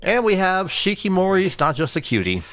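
A man's voice: high-pitched, big pitch swings, normal speed, fairly bright tone. A man hosting a casual podcast, going through a list of releases in a dry, matter-of-fact way. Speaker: podcast host reading release news. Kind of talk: casual chat.

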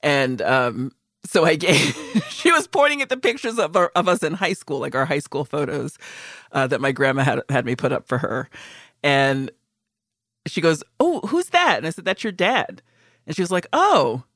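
A woman's voice: low-pitched, normal speed, no room sound, studio quality. A woman co-hosting a podcast in casual chat, telling stories with lots of acted-out quotes and swearing freely. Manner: animated storyteller, swears freely, acts out quotes. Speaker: podcast co-host.

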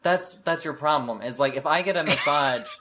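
A man's voice: on the high side, normal speed, bright, forceful tone, slight background noise. A man talks casually on a podcast in a loose, laid-back way. His sentences drift along on fillers like "like" and "you know". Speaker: podcast co-host. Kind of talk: casual chat.

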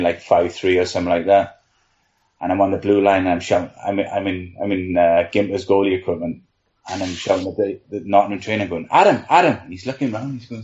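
On a podcast panel, a male team trainer rambles through anecdotes in casual chat, laughing often and saying "you know" a lot. His voice is fairly low and a little mellow, with the highs cut off.

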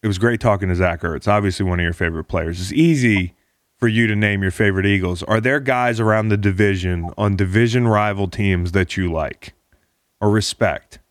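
Podcast host guy, lowish voice, dry sound, teasing and jokey. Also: a little fast, dry recording. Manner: joking, teasing, lots of restarts. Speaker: podcast host and former football player. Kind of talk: casual podcast chat.

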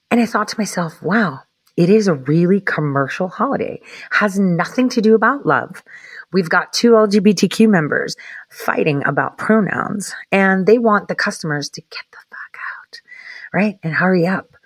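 A woman's voice: on the low side, expressive, normal speed, husky, no echo. A woman casually telling a personal story in a chatty, profane way, sometimes dropping into whispered asides. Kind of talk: casual anecdote.

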